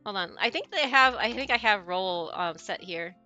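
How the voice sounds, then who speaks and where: Bright-voiced chatty woman streamer. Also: mid-range voice, lively intonation, normal speed, highs cut off, faint music behind. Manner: chatty, rambling, laughs often. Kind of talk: casual chat with stream viewers.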